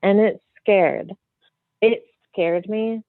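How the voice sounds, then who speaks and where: A woman medium, a podcast guest, telling a story in a free-flowing, animated way full of fillers. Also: medium pitch, extremely slow, no room sound. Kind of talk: casual storytelling in an interview. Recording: tinny phone-like line, dry.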